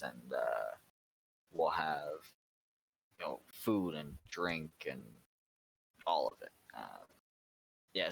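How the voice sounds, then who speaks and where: A man hosting a roleplay server's community meeting, rambling and halting with lots of fillers. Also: rumbling low, creaky, fairly bright tone, a little hiss or hum, low-quality recording. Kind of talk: casual community meeting talk.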